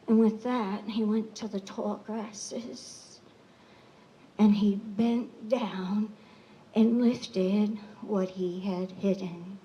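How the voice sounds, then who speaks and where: A woman telling a fable at a rally, slow and dramatic, sometimes dropping to a whisper. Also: mid-range voice, warm tone, rough recording. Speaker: storyteller at a rally. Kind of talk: oral storytelling, fable.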